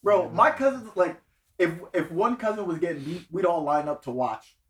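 A man co-hosting a casual podcast chat, animated, laughing often and talking in slang. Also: high-pitched, fairly quick. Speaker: podcast co-host.

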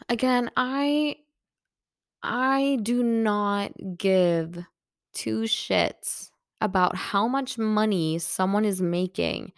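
A young woman with an American-leaning English accent chats candidly on her podcast, full of fillers and easy laughter. Her voice sits a little low, smooth and resonant with a gravelly fry at the ends of phrases. The sound is close and dry. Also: no room sound. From Nordic Europe. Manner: candid, chatty, laughs often, many fillers. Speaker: podcast host. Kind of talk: casual chat.

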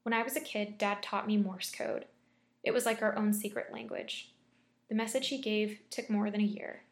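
A young woman reads scary stories aloud for her channel and breaks off between stories into chatty, filler-heavy reactions. Her voice sits at a middle pitch, and a roomy echo surrounds it. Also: fairly even intonation, moderate pace. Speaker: story reader and host.

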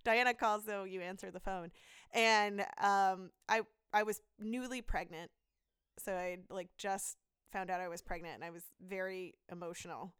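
A woman's voice: medium pitch, moderate pace, clear, resonant tone, no echo, clean studio sound. A woman in her thirties, a doctor and podcast co-host, animatedly retelling stories in a casual interview. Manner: animated, laughing, lively retelling. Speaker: physician and podcast co-host, guest.

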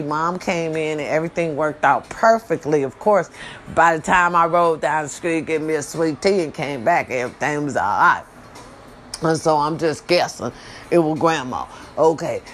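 Blunt, profane middle-aged woman podcaster. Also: a little hiss or hum. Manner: blunt and profane, talks straight to listeners; animated, swings from loud scolding to low warnings. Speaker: podcast host. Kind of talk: casual monologue podcast.

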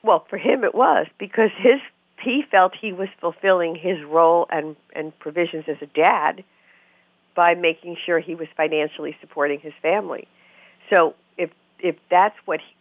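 A woman's voice: on the low side, no room sound. A middle-aged woman therapist explaining relationships in a conversational interview, acting out the voices in her stories. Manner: animated storyteller who acts out quoted voices. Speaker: therapist guest. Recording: dry phone-like narrow sound.

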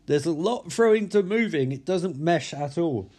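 A man's voice: on the high side, animated, moderate pace, a little mellow. A tired man reviewing a movie in a casual vlog, rambling and blunt, swearing freely.

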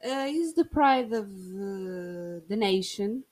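Portuguese woman vlogger, unhurried, jokey and giggly, mid pitch. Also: animated, a little mellow. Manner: playful, jokey, laughs often. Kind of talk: casual solo monologue.

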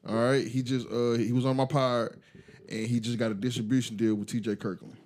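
A man speaking in a low-key, insistent way during casual podcast chat. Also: level tone, a little fast, darkish tone.

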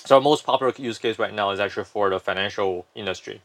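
A man's voice: lowish voice, fast talker, a bit bright. A man, a company founder, explaining his firm at length in a casual interview, often restarting sentences.

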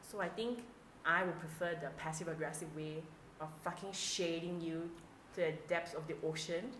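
Animated, swearing woman storyteller. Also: lowish voice, moderate pace, slight background noise. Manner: animated storytelling, acts out dialogue, swears freely. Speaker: podcast co-host. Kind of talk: casual podcast chat. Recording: roomy echo.

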